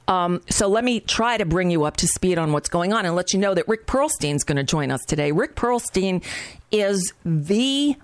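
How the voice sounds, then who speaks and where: A woman's voice: fairly low pitch, no room sound. Chatty, sardonic woman talk show host. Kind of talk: political talk show monologue.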